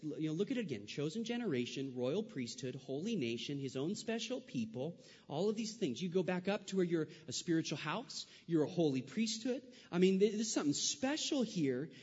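A male pastor from California preaches in a church sanctuary, his voice a touch higher than most men's. He tells stories with animated asides, then slows into emphatic preaching. The sound is a little muffled and carries a long hall reverb. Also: husky. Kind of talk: sermon.

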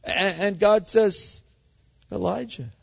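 A man preaching a sermon in an animated way, swinging from loud, emphatic lines to hushed ones. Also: on the high side, unhurried. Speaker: pastor. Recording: dull sound in a large hall.

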